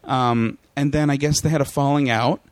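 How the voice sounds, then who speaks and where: A man's voice: mid-range voice, fairly even intonation, normal speed, dry recording. A young adult man, a podcast guest, telling a comic story in casual chat, laughing often and breaking into mocking impressions.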